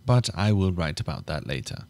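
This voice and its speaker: Deep-voiced male narrator for a live audiobook read, measured and steady. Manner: measured, restarts flubbed lines.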